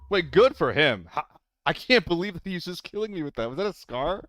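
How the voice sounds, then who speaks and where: A man's voice: fairly high pitch, sing-song, fairly quick, a bit bright, dry recording. A young man live-streaming a shooter game, chatting loosely with viewers, swearing and getting flustered in fights. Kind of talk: casual live-stream chat while gaming.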